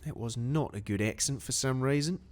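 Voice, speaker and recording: A man giving excitable, animated play-by-play commentary on a strategy game. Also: medium pitch, fairly quick.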